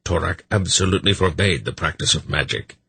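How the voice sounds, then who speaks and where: A man's voice: low-pitched, fairly quick, vocal fry, fairly bright tone. A man doing a wry old sorcerer. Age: older.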